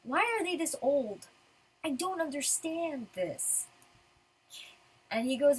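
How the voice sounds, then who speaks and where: A woman's voice: sits high, lively intonation, slow, long pauses, poor audio. A woman giving casual commentary as a manga reviewer, ranting in frustration.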